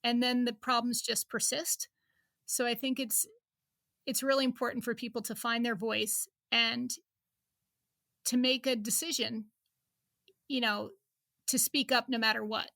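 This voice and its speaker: A woman's voice: a little high, flat delivery, unhurried, vocal fry, pauses often, bright, forceful tone, no echo, studio quality. A woman in her fifties, a reporter chatting as an interview guest, laughing often and restarting her sentences. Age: 50s. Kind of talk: casual interview chat.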